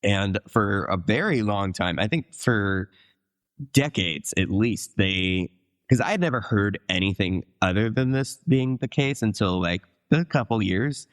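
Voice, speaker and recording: A man with a very low voice chats casually as a podcast co-host. He rambles through long, enthusiastic explanations full of asides. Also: animated, measured pace. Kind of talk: casual chat.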